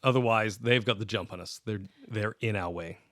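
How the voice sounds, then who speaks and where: A man's voice: lowish voice, normal speed, fairly bright tone, no echo, natural voice. A man voicing a stern, humorless male swordsman who captains a ship, speaking in a dry, curt, matter-of-fact way. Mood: grim.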